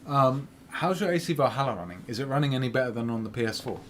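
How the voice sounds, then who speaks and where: A man co-hosting a casual livestream chat, with a voice of middling pitch. He talks in a measured way and lays out his opinions at length, with faint noise under the voice. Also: lively intonation. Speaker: co-host.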